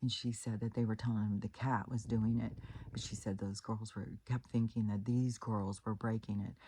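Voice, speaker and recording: A woman's voice: very deep voice, level tone, moderate pace, dark tone, slight background noise. A woman vlogger telling stories in a rambling, casual monologue, full of fillers and blunt swearing. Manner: rambling, with many fillers and restarts. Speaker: spiritual vlogger.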